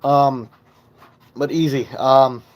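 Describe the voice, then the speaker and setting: A man's voice: medium pitch, steady tone, takes it slowly, muffled recording. Rambling, swearing man live-streaming. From Michigan. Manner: rambling, swearing, loses his train of thought. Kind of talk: casual live-stream chat. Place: home basement. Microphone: phone.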